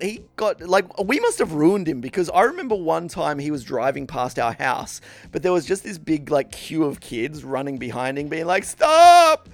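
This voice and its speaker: Man, podcast co-host, casual storytelling, high lively voice, gravelly fry, laughs a lot, swears, stumbles over words. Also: dry recording. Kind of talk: casual chat, comic storytelling.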